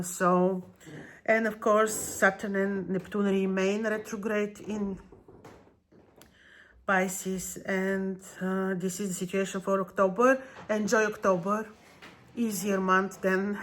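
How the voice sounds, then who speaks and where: A woman talks through a monthly astrology forecast. Her voice sits at a middle pitch. She speaks in an unhurried way, with many fillers and restarts as she explains.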